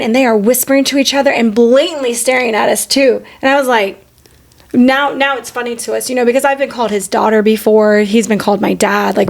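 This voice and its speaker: High-pitched woman in her 40s on a podcast, talks frank and swears a lot, storytelling. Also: gravelly. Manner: candid, swears freely, animated storytelling. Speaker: podcast host. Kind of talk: casual chat.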